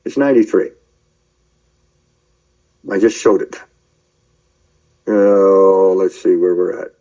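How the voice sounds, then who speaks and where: A man preaching in a rambling commentary, shouting angry tirades at his listeners and then muttering to himself as he browses his screen. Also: low-pitched, fairly even intonation, slow pace, poor audio. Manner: addresses listeners directly, calling out believers. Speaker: online preacher.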